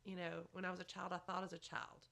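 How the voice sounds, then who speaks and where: Gravelly-voiced chatty motherly woman. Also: on the low side, completely flat delivery, fast, pushed and bright. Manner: motherly, chatty, fills with "you know". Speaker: podcast guest. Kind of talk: casual advice chat.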